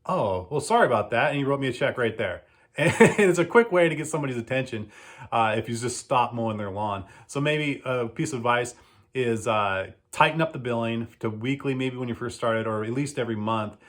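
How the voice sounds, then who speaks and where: A man who runs a lawn care business, giving casual advice and telling animated stories in which he acts out both sides of the exchanges. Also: mid-range voice, brisk.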